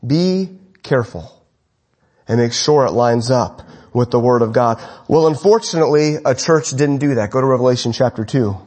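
A man preaching an evening sermon to a congregation, impassioned, swinging between raised urgent lines and low, quiet ones. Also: normal speed. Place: church congregation, evening service.

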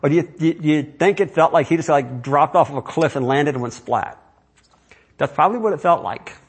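Male pastor, slightly high husky voice, sermon delivered as an informal talk full of rhetorical questions. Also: a little fast. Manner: conversational preaching with rhetorical questions.

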